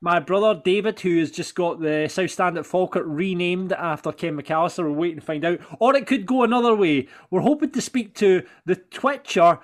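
A podcast host moves briskly between segments in a chatty tone. His voice sits high for a man. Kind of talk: casual podcast hosting.

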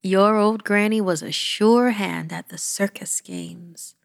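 A woman voicing a frail elderly grandmother who speaks softly, solemnly and firmly. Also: medium pitch, steady tone, takes it slowly, creaky. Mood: solemn tender. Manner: soft, solemn, firm. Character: frail elderly grandmother, stern yet loving.

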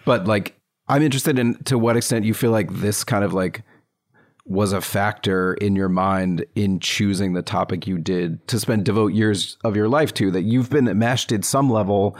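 A man's voice: lowish voice, moderate pace. A man interviewing a journalist, asking musing, hedging questions in a conversational way.

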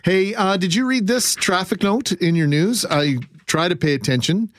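A man's voice: high voice, normal speed. Chatty male radio co-host. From Canada. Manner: chatty, storytelling, joking. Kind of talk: casual radio banter. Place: radio studio. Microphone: studio microphone.

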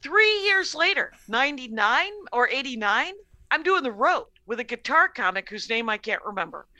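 Bright-voiced woman telling a wild story. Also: a little high, normal speed, no room sound. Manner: animated, laughing storyteller with profanity. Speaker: comedian guest. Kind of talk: casual storytelling on a podcast.

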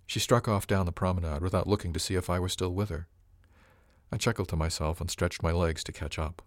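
A man narrating a science-fiction audiobook in the first person, with measured, even storytelling. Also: low voice.

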